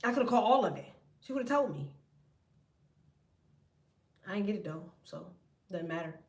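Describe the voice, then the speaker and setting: A woman hosting a tarot livestream, telling stories in a profane, animated way and acting out other people. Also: medium pitch, moderate pace, far from the mic. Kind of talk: casual livestream rant.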